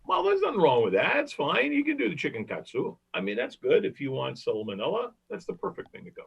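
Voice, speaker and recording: A man's voice: fairly high pitch, wildly swooping pitch, fast talker, creaky, slightly rough. A man hosting a comedy podcast, telling rambling jokey stories. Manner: joking, rambling storyteller. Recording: dull lo-fi recording.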